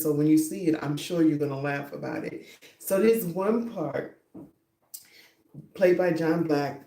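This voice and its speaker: A woman with a low, warm voice hosts her own podcast in an echoey room. She chats casually and rambles, often breaking into giggles.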